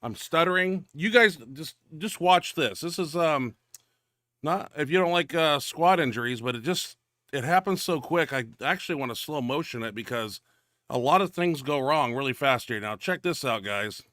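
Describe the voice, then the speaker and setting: A man's voice: on the high side, lively intonation, normal speed, fairly bright tone, dry recording, studio quality. A man hosting a powerlifting show, rambling casually over lifting videos with restarts and filler.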